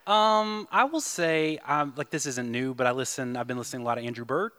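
A man guest in casual chat with a dry, deadpan way of joking. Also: mid-range voice, brisk.

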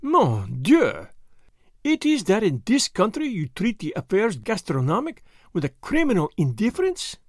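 A man's voice: high-pitched, measured pace, no echo, studio quality, pitched above the performer's own voice, full character voice. A man doing a fussy, vain detective. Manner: formal, precise, excitable.

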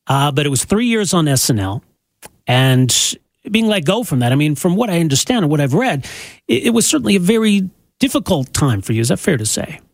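A man interviewing a guest, asking gentle questions and giving brief affirmations. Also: a little high, big pitch swings, a little fast, dry recording. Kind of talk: casual interview.

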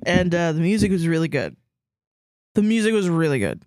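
Woman co-host, lively swooping delivery, laughs and swears a lot, dry close sound. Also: fairly low pitch, fairly quick, no room sound. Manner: laughs often, swears freely, animated storytelling. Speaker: podcast co-host. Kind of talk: casual chat.

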